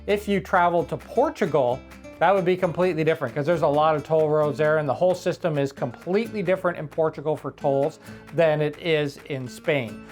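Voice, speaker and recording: A man co-hosting a travel vlog, explaining driving tips in a relaxed, slightly rambling way. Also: a little high. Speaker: travel vlogger co-host. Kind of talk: casual travel tips chat.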